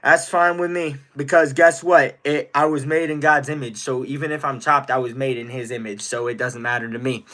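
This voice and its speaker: A young adult man streaming live, chatting casually with viewers and excitedly shouting out donors. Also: mid-range voice. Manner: excitable, gives rapid shout-outs to donors; chatty, answers viewer questions one by one.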